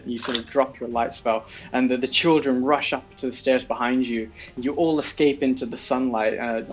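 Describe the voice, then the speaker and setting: A man's voice: mid-range voice, lo-fi sound. A man narrating as game master of a tabletop role-playing game, rambling with many fillers.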